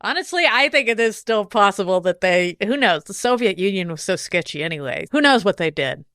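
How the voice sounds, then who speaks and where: A woman's voice: medium pitch, animated, fairly quick, a bit bright, no echo. A woman co-hosting a podcast in casual conversation, wry and offhand, with a skeptical streak. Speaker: podcast co-host.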